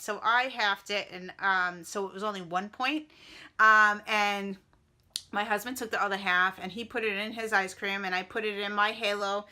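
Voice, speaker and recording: A middle-aged woman chats to the camera in a loose, rambling vlog style, full of ums and asides. Her voice sits at an ordinary pitch for a woman and has a clear, bright edge. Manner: rambling and chatty, with many fillers. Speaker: vlogger. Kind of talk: casual vlog chat.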